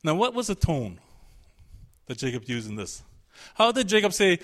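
A man's voice: fairly high pitch, very animated, moderate pace, a bit bright. A man preaching a sermon, emphatic and searching, voicing the pleading of a biblical figure in his quotes.

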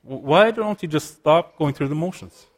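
Earnest preacher, a man with a higher voice. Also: animated, normal speed. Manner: earnest, explanatory, often restarting phrases. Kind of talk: sermon.

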